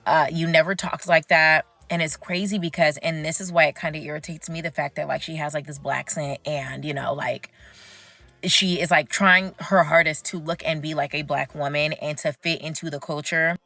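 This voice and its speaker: A woman's voice: sits low, steady tone, normal speed, creaky, pushed and bright, dry recording. A young woman ranting casually about someone online, talking in an emphatic, chatty way and stretching out words for stress. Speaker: commentator. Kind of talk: casual opinion rant.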